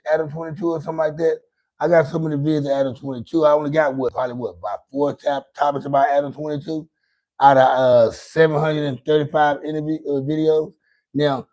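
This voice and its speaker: A man's voice: mid-range voice, a little mellow. A middle-aged man hosting his own podcast, rambling casually and profanely and taunting a viewer in the chat. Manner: rambling, profane, taunting and singsong toward a chatter. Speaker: podcast host. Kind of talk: casual livestream talk answering chat.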